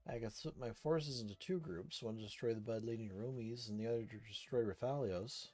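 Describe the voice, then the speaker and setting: A man's voice: medium pitch, a little fast, dark tone. A man reading a game story aloud, narrating in first person with shifting dramatic intensity. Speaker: story reader. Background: faint background music.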